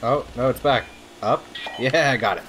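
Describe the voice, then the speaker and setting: A man playing a video game and talking to himself, with excited outbursts and swearing. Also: medium pitch, normal speed, a little hiss or hum. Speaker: let's play host. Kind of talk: gameplay commentary. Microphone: desktop USB mic.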